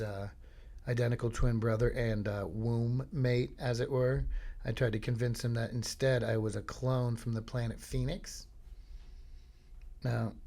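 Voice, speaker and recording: Gravelly male podcast host from Florida, rambling comic monologue, middle pitch. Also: dark tone. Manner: rambling, jokey storytelling. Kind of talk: casual comedic monologue.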